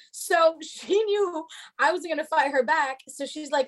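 A young woman with a high, bright-sitting voice tells a story in a loose, chatty way. She is animated and sassy, swearing freely as she goes. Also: unhurried. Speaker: storyteller guest. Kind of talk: casual storytelling chat.

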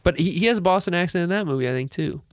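A man's voice: sits high, expressive, rapid-fire, no echo. A man co-hosting a casual movie review podcast, easygoing, often trailing off and hedging his points. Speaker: podcast co-host.

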